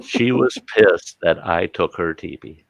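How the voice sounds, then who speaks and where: A man's voice: low voice, measured pace. A man hosting a casual chat, telling a childhood story and acting out his family's voices. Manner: animated, acts out voices of family members. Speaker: host.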